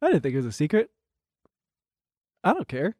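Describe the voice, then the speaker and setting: A man from New Jersey co-hosting a casual comedy podcast, with a voice a little higher than most men's. He drops dry, wry asides and bits of trivia. The mic is close and dry. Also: huge pitch swings, fairly quick, darkish tone, dry recording. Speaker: podcast co-host.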